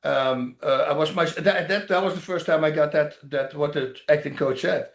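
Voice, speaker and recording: An animated man tells rambling stories as an interview guest, slipping into other people's voices as he goes. His voice sits a little high for a man. The recording carries a noticeable roomy echo. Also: moderate pace, gravelly. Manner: animated, rambling anecdotes, acts out other people's lines, laughs often. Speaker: actor and former fighter, interview guest. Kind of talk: casual interview storytelling. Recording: roomy echoey sound.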